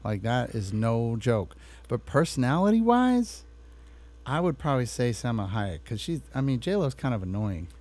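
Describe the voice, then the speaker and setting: A man's voice: medium pitch, very animated, normal speed, a little mellow. A man co-hosting a podcast, teasing and prodding his friend in a casual chat, full of "like" and "bro.". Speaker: podcast co-host.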